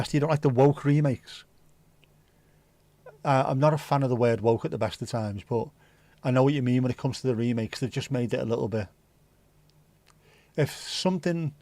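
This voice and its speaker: A man's voice: mid-range voice, mellow. A man hosting a livestream, rambling and swearing casually as he answers viewers' comments. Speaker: livestream host. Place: home livestream setup.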